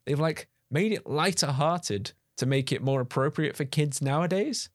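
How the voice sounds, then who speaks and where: A man's voice: a little high, normal speed, dry recording, studio quality. A man co-hosting a podcast in casual chat, teasing and laughing as he tells a story. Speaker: podcast co-host.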